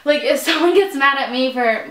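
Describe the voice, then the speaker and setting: A woman's voice: high voice, fairly quick, fairly bright tone. A young adult woman hosting a vlog, chatting casually while eating, telling stories with acted-out quotes and frequent laughter. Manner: chatty storyteller, acts out quotes, laughs often. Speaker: vlog host. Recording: echoey room.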